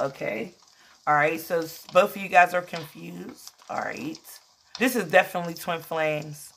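A woman's voice: fairly low pitch, moderate pace, vocal fry, fairly bright tone. Emotional chatty woman tarot reader. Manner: chatty, emotional, calls listeners "child". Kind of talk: casual tarot reading.

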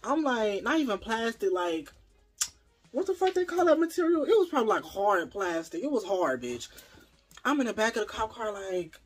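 A young adult vlogger telling a personal story in a casual, animated, profane and dramatic way. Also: mid-range voice, moderate pace, slightly rough, faint music behind.

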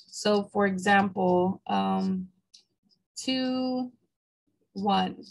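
Fighting the hiccups, a woman teaching math walks patiently through every step of a recorded lecture, often asking "okay?" Her mid-range voice is creaky, and the recording quality is rough.

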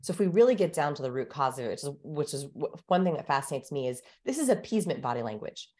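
A woman's voice: low-pitched, sing-song, quick pace, a little mellow. A woman guest explaining and demonstrating how to speak, in an instructive coaching manner. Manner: instructive, demonstrates vocal tones. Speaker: communication expert guest.

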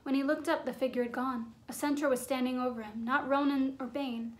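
High-voiced woman reading a fantasy story. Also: fairly even intonation. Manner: measured, suspenseful storytelling. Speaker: audiobook narrator.

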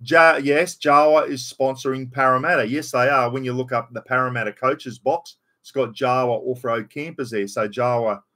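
A man's voice: medium pitch, fairly even intonation, normal speed, few pauses, bright, forceful tone. Matey Australian man rambling on a live stream. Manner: rambling and matey, greets chat by name; blunt, casual swearing. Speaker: livestream host. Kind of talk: casual live-stream chat.

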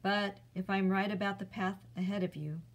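A woman voicing a weary, wise old male centaur teacher in a storybook read-aloud, speaking calmly and firmly. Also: medium pitch, moderate pace, natural voice. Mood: measured.

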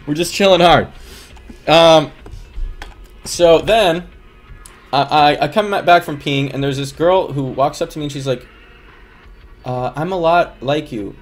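Rambling male streamer, higher-pitched voice. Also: measured pace, pauses often, soft background music. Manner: rambling, with frequent laughs and fillers. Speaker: livestreamer. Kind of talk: casual storytelling to chat.

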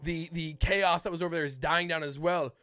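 A man narrating a tabletop game as its dungeon master, with a voice sitting a little above the usual male range. He tells the scene casually and haltingly, often restarting his sentences. Faint music plays underneath. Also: fairly high pitch, steady tone, bright, forceful tone, clean tone. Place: home streaming setup.

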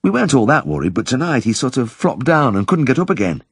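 A man voicing a shy, cheerful middle-aged village woman with a bright, chatty manner, in a dry recording. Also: medium pitch, very animated, fast, slightly rough, dry recording, voice pushed up.

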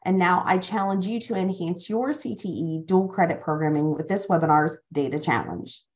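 A woman presenter reading a prepared webinar segment in a clear, scripted way. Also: on the low side, normal speed, a little mellow.

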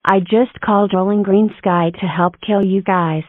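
A woman's voice: mid-range voice, fairly even intonation, normal speed, dry recording, natural voice. A woman doing a vengeful girl villain, bossy and mocking. Her threats come through thin and tinny, like a phone line, with a dry sound. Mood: threatening.

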